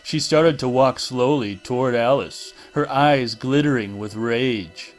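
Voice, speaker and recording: A man reading a horror novel aloud in a deliberate, dramatic narration style. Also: mid-range voice, soft background music. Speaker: audiobook reader.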